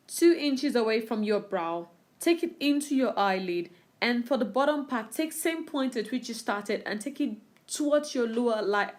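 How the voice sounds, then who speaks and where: A woman narrates a makeup tutorial in an instructive, upbeat tone. Her voice sits at a middle pitch, and she talks viewers through each step with eager enthusiasm. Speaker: beauty vlogger.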